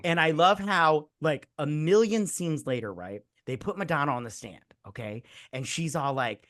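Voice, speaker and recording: A man co-hosting a casual movie review podcast, retelling scenes in an animated way and acting out the characters with profanity. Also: a little high, moderate pace. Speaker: podcast co-host.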